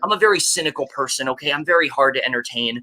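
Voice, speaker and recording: Bright-voiced young man hosting. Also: medium pitch, very fast. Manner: gleeful, playfully defensive, swears casually. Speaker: podcast host. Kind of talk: casual movie preview chat.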